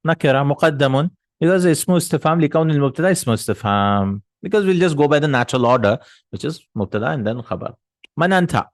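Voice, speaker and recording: A man's voice: a little high, animated, fast, no echo. A man teaching Arabic grammar in a recorded lesson, explaining step by step and answering his own questions.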